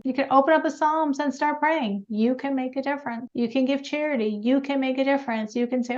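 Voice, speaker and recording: A woman's voice: high voice, normal speed, hardly any pauses, muffled recording. A woman leading a spiritual class on a video call, earnest and emphatic, often repeating her key words.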